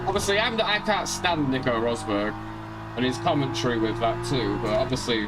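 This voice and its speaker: A man casually live-streaming a sim race. He chats and rambles, greets viewers by name and thinks out loud about his car setup. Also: mid-range voice, lively intonation, brisk. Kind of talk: casual live-stream chat while racing. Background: loud music.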